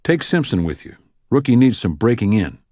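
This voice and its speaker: Guy doing a snarky fbi boss, quick and clipped, lively up and down. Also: fairly low pitch, no room sound, studio quality. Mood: sardonic. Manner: sarcastic, brisk. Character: gruff male FBI supervisor. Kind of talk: audiobook character voice.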